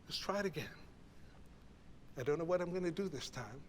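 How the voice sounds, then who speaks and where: A man's voice: on the high side, expressive, a little fast, slight background noise. Man coaching a choir in a reverberant hall. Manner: encouraging, reflective, coaching. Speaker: choral conductor. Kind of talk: teaching a choral masterclass. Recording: reverberant hall, faint ambience.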